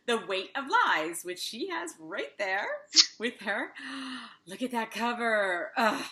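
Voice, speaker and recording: A woman's voice: on the high side, very animated, takes it slowly, bright, forceful tone. A middle-aged woman hosting an interview, talking in an enthusiastic, gushing, chatty way. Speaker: podcast host. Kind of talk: casual interview chat. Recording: echoey room.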